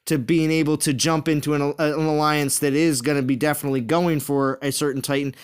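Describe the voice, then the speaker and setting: A man's voice: fairly high pitch, flat delivery, a little fast. A man hosting a game livestream, talking casually in an upbeat, reassuring way with repeated words. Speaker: livestream host. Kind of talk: casual chat.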